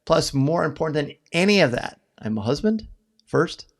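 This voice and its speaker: Earnest, gravelly-voiced man hosting live. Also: fairly high pitch, very animated. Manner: earnest, halting, choked up at times. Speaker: podcast host. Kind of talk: emotional live-stream farewell talk.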